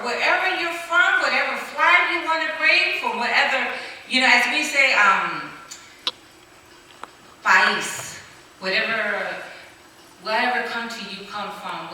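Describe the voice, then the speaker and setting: Older woman giving a fired-up speech, bright sharp voice, far off in a big echoey hall. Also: on the high side, slight background noise. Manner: pleading, repeating phrases for emphasis. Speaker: activist speaker. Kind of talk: impassioned public speech.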